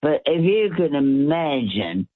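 A man's voice: a little high, very animated, slow, husky, dry recording. A man from Western Australia with an Australian accent, calling in to chat casually and rambling as he hunts for words. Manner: chatty, rambling, loses his words. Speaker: caller. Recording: tinny phone line.

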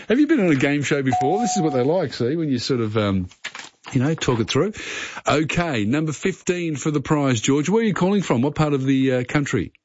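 A man's voice: a little high, lively intonation, darkish tone, dull audio. Chatty male radio quiz host. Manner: chatty, quick asides. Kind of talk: live radio quiz chat.

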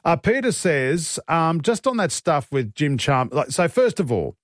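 A man's voice: fairly high pitch, big pitch swings, normal speed, dry recording, studio quality. A man hosting breakfast talkback radio, chatty, opinionated and joking.

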